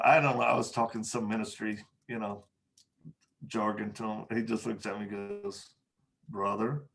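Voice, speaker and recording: A man, a podcast guest, telling candid stories in conversation, with frequent pauses and restarts. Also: fairly low pitch, creaky, fairly bright tone. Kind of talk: storytelling in conversation.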